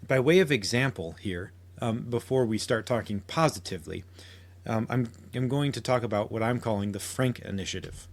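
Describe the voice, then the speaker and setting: A man's voice: mid-range voice, moderate pace. A man hosting a podcast, making an earnest argument with frequent restarts and quotations. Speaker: podcast host. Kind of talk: solo podcast commentary.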